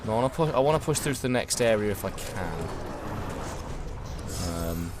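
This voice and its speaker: A man's voice: lowish voice, animated, moderate pace, noisy background. A man commentating his own gameplay live, chatty and wry, talking to his viewers while tired and yawning late at night. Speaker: game streamer.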